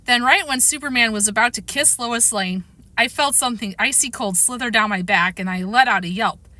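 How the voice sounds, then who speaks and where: A woman reading a children's chapter book aloud, expressive and animated. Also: a little high, a little fast, dry recording. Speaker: reader. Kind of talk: storybook reading.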